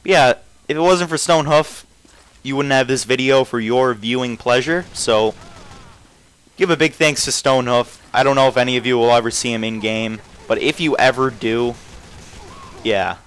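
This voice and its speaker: Young male gameplay commentator at a desk mic, mid pitch, smooth tone, meandering delivery. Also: moderate pace, fairly bright tone, poor audio. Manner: rambling, self-interrupting, trails off often.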